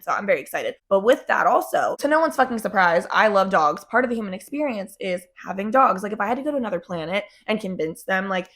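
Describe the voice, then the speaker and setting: A young woman vlogs casually to camera in a medium-pitched, slightly bright voice. She's chatty, swears a lot, and fills her talk with "like."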